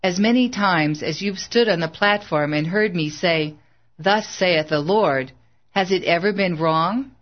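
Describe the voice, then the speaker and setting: A narrator voicing a stubborn middle-aged male preacher who speaks earnestly and firmly, slowing down on solemn lines. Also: sits high, muffled recording. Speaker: evangelist.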